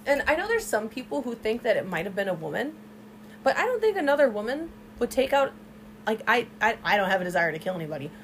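A young woman co-hosting a casual true-crime podcast, telling the story in an animated way with swearing and side remarks. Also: fairly high pitch, fast talker, a little hiss or hum. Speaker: podcast co-host.

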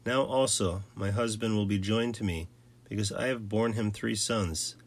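A rivalrous ancient wife longing for her husband's love, read by a man. The voice sits low and is read plainly and steadily, like a storybook passage. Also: normal speed. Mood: earnest.

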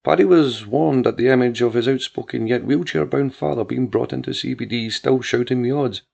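Male narrator, deep gravelly voice, dull lo-fi sound, faint music behind. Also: fairly even intonation, brisk, a little mellow. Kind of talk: dramatic story reading.

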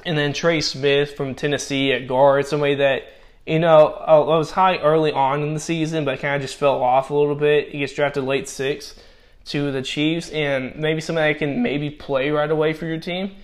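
A man giving casual commentary and grades on football draft picks, talking haltingly with many restarts while he is losing his voice. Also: on the high side, flat delivery.

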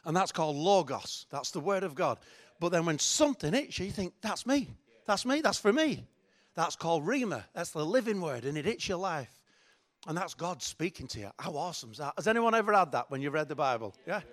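Chatty preacher, higher voice. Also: male voice, expressive, brisk. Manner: chatty, joking, self-mocking. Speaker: pastor. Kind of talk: sermon.

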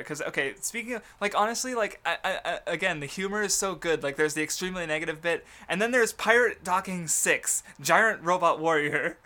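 Rambling young man, bright voice. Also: high voice. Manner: rambling, many fillers and restarts, laughs often. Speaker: podcast co-host. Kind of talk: casual chat.

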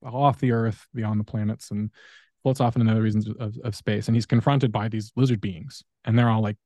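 A man's voice: lowish voice, fairly even intonation, fairly quick, dark tone, no room sound. A man hosting a podcast, telling long stories in a rambling, casual way with many fillers. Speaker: podcast host.

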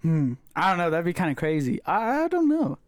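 A man's voice: high voice, huge pitch swings, fairly quick. A man joining a casual podcast chat, musing aloud in a hesitant way.

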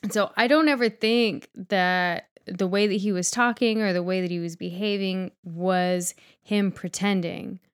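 A woman co-hosting a podcast in casual chat, talking frankly, rambling with fillers and swearing freely. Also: mid-range voice. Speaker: podcast co-host.

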